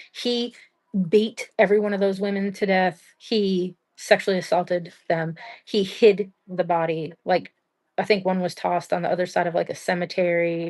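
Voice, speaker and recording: Young woman streamer, lowish voice, rambly and blunt, lots of "like", swears casually. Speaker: livestream host. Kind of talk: casual true-crime chat.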